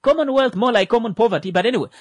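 A stand-up comedian, a man with a slightly high voice, talks in an animated way full of restarts and fillers. He punches jokes up loudly and then mutters asides. The sound is dry and close. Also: normal speed, no room sound. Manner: swings between loud rising jokes and muttered asides.

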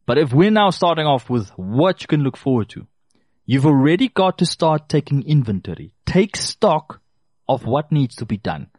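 A man gives casual shopping advice, stressing his points by saying them twice. His pitch rises and falls a lot as he talks. The sound is dry and close, with no room echo. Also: a little mellow. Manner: emphatic, repeats key phrases for stress. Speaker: consumer advice presenter. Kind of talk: casual advice talk to listeners.

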